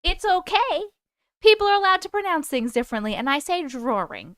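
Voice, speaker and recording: A woman's voice: high voice, animated, fairly quick, a bit bright, dry recording, clean studio sound. A woman hosting a live stream, chatting casually with viewers, laughing often and swearing freely.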